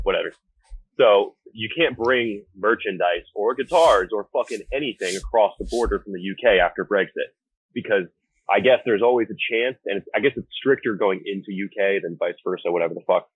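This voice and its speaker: Young American guy, band singer type: low, husky, blunt and sweary, easygoing storyteller, heard over a thin phone-like line. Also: brisk, no room sound. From United States. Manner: blunt, profane, laid-back storytelling. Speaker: band vocalist, guest. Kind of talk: casual interview chat. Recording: phone-like remote call audio.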